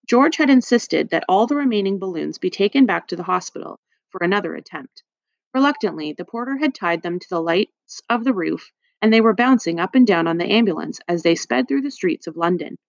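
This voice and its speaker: A woman narrating a children's audiobook with lively storytelling. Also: medium pitch, brisk, vocal fry, no echo, muffled recording. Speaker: audiobook reader.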